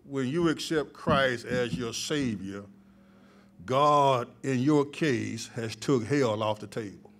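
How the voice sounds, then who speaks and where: A male pastor preaching a sermon, moving from calm teaching to loud, emphatic peaks. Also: medium pitch, slow pace.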